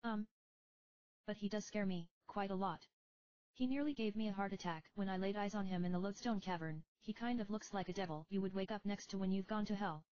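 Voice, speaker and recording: A woman voicing a gentle, breathy young priestess girl who speaks softly and politely in a storybook reading. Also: medium pitch, a little fast, no echo, muffled recording, pitched above the performer's own voice, lightly acted. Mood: earnest.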